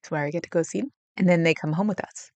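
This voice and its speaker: A woman's voice: lowish voice, rapid-fire, darkish tone, no room sound. A woman hosting a livestream, chatting casually and rambling with viewers, getting emotional about her pets. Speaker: livestream host.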